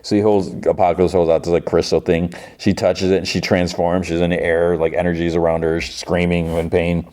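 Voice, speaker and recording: A man's voice: deep voice, flat delivery, a little fast, few pauses, darkish tone. A man hosting a podcast, casually recapping a TV episode in a chatty, filler-heavy way. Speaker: podcast host.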